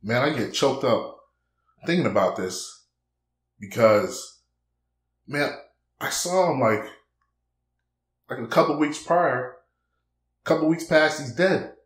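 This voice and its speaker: A man's voice: medium pitch, expressive, takes it slowly, pauses often, reverberant. A man in a blunt, preachy casual monologue, peppering his talk with "man" and acting out quoted conversations. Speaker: vlogger.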